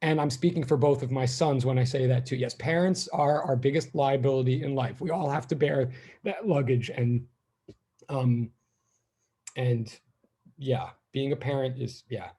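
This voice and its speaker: A man's voice: mid-range voice, normal speed, mellow, breathy edge. A man in his fifties, a physics teacher, chatting casually and rambling with his class as students join. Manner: rambling, chatty, self-deprecating.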